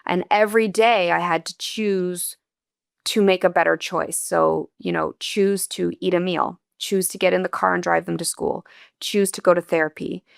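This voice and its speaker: A woman's voice: on the low side, fairly even intonation, normal speed, vocal fry, clean tone, dry recording, studio quality. A woman guest on an interview podcast, earnestly and candidly telling a personal story in a reflective, emotional way.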